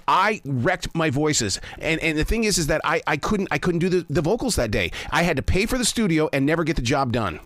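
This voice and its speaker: Male host, raised voice, animated exclamatory delivery, dry close studio sound. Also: a little high, dry recording. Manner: enthusiastic, exclamatory, quick-talking with frequent restarts. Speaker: radio interview host. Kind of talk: casual interview chat. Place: his studio.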